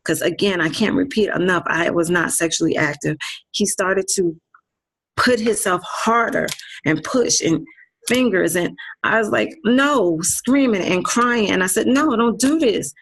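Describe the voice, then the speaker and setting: A woman's voice: lowish voice, moderate pace, fairly bright tone, husky. A woman giving a personal testimony to an online audience, speaking earnestly, repeating phrases and often turning to listeners directly. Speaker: guest speaker.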